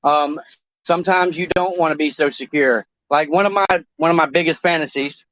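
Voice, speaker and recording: A man rambles through a crude talk show chat, halting and restarting, swearing freely. His voice sits a little high for a man. The recording is dry and dull, like a cheap mic. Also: a bit bright, no room sound.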